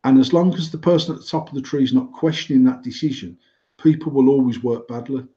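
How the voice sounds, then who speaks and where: A man's voice: medium pitch, quick pace, dark tone, lo-fi sound. A man in his forties from England, a company director co-hosting a podcast, talking bluntly with lots of swearing and restarts. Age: 40s. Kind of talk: casual chat.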